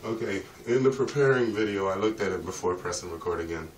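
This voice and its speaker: A man's voice: low voice, fast. A man delivering a rambling, profane vlog monologue in a streetwise way. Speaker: vlogger. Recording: roomy echo, distant mic, faint ambient noise.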